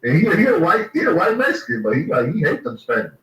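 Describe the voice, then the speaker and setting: Slightly high man, rambling in an echoey room. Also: very animated, quick pace, a bit bright. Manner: laid-back, rambling, asks questions. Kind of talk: casual profane chat. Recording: roomy echo, distant mic.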